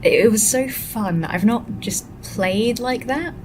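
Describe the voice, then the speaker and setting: A tired woman vlogging casually from a hotel room into a laptop webcam, rambling and soft-spoken, sometimes drifting into whispers. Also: slow pace. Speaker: vlogger and actor. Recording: noisy low-quality webcam audio.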